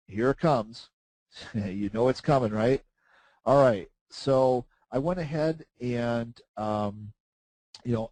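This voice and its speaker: A man teaching a live trading course, chatty and animated, full of fillers and "okay?" tags, acting out his own panicked thoughts. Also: mid-range voice, dry recording, rough recording. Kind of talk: live webinar teaching, answering chat questions.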